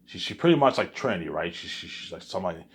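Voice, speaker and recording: A man's voice: deep voice, very animated, fast, breathy edge. A man talking in a casual vlog monologue, rambling and often repeating words and restarting his sentences. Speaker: vlogger.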